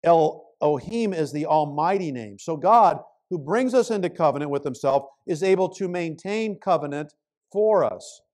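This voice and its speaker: Earnest preaching man, fairly high voice. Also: animated, moderate pace. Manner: earnest preaching, voice rising and dropping to a hush; impassioned pleading prayer. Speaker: pastor. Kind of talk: sermon.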